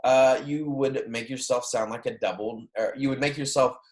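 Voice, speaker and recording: A man's voice: medium pitch, fairly even intonation, moderate pace. Casual Southern man teaching Spanish, echoey room. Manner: casual, explanatory, checks in with "okay?" and "right?". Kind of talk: classroom grammar lesson.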